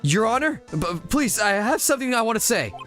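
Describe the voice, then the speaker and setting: A man's voice: sits high, very animated, brisk, a bit bright, soft background music, pitched above the performer's own voice. A man doing an earnest young defense lawyer.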